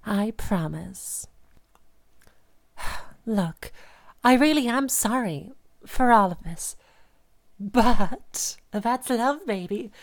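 An unstable, possessive young woman, played by an actress in an audio role-play, whose voice lurches from soft cooing to sharp anger in an instant. Her pitch sits in an ordinary middle range, and her quieter asides turn breathy and hushed. She talks straight at the listener as if they were pinned in front of her. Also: animated, drawn-out words, pauses often. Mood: frantic apologetic, then sweetly obsessive. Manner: swings between sweet cooing and sudden rage. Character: volatile, obsessive young woman who holds her partner captive.

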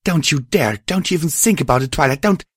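A man's voice: mid-range voice, fairly quick, dry recording, voice pushed up, natural voice. Storybook villain: man voicing a pompous, raging ancient female alicorn spirit, bone-dry sound. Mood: furious. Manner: furious, pompous shouting.

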